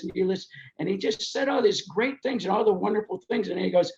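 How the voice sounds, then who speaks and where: An older man with a rough, gravelly voice pitched a little high tells stories as a podcast guest. He jumps into the voices of the people he describes. The sound is dull and lo-fi. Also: a little fast. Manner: animated, acts out quoted voices while telling anecdotes. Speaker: guest, race promoter. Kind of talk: storytelling in a podcast interview.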